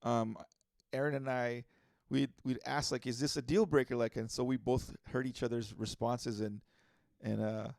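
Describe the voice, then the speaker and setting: A man's voice: medium pitch, level tone, moderate pace, gravelly, a little mellow, no echo, clean studio sound. A man co-hosting a podcast in loose casual chat, rambling with many restarts and swearing freely. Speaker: podcast co-host.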